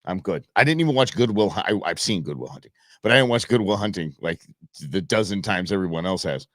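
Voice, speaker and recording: A man's voice: deep voice, lively intonation, quick pace, fairly bright tone, no room sound, clean studio sound. A man hosting an outdoors talk show, chatting loosely and joking, with frequent restarts. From Arizona, USA. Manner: chatty, rambling, jokey with many restarts. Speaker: radio show host. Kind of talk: casual talk show monologue.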